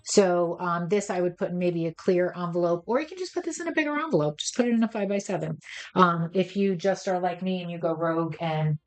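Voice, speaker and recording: Fairly quick and on the low side, this American woman's voice guides viewers through each step of a casual craft tutorial. She keeps it chatty and playful throughout.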